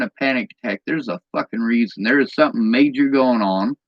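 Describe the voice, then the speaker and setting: A man's voice: medium pitch, brisk, hardly any pauses, dry recording, lo-fi sound. A man in an angry personal vlog rant, bitter and agitated, swearing often.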